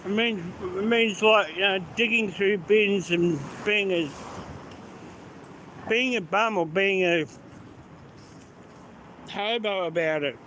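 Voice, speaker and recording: A man with a high voice chats slowly from behind the wheel, greeting live viewers by name. Steady road noise hums under his voice inside the car. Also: rough recording. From Australia. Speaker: live-stream host. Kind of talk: casual live-stream chat while driving. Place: inside a car on city streets.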